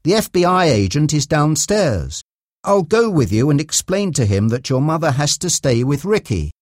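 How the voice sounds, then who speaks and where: A man reading an audiobook, voicing a calm, careful male doctor who speaks in a measured way. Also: fairly high pitch, no room sound, clean studio sound, pitched above the performer's own voice. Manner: measured, deliberate.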